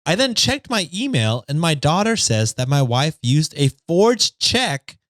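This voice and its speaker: A man's voice: a little high, very animated, measured pace, fairly bright tone, no echo. A man co-hosting a podcast, reading stories aloud in a casual chat and laughing often.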